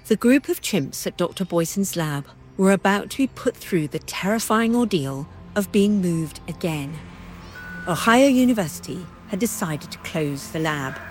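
A woman giving calm, measured scripted documentary narration. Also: medium pitch.

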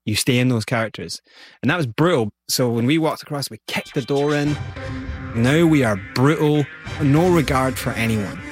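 A man with a Scottish accent, telling animated stories as an interview guest. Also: mid-range voice, moderate pace, over music. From Scotland. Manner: animated, vivid storyteller. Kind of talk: storytelling interview.

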